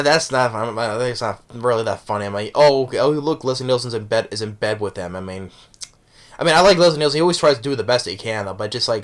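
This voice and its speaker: A man's voice: medium pitch, a bit bright. A man casually reviewing a movie, rambling with many restarts and self-corrections, chuckling as he recounts the jokes.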